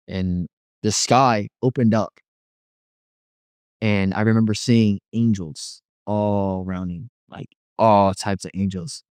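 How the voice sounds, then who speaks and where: A man's voice: lowish voice, measured pace, a little mellow, dry recording. A young man telling his personal faith testimony in an earnest, rambling way, with many restarts.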